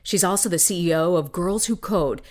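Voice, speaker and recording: A woman hosting a daily news podcast, reading the morning headlines in a crisp, measured way. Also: fairly low pitch, darkish tone.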